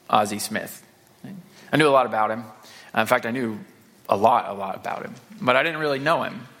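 A pastor from the Saint Louis area giving a Sunday sermon in a relaxed, conversational voice. He trips over a word now and then and repeats it. His voice sits at a middle pitch for a man. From Saint Louis area, Missouri. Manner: conversational, with fillers and repeated words; reads scripture aloud, slowing for emphasis.

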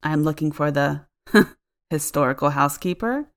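A woman voicing a friendly, easygoing male construction worker who talks in a relaxed, rambling way with a laugh in his voice. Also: deep voice, moderate pace.

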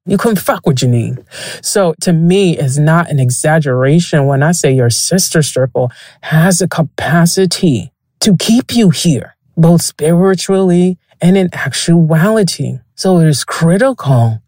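A woman with a low voice hosts a podcast in a casual storytelling monologue. She talks frankly, swears freely and laughs often as she goes. The sound is dry and close. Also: lively intonation, a little slow, a little mellow, no room sound. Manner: frank and profane, laughs often while telling stories. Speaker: podcast host.

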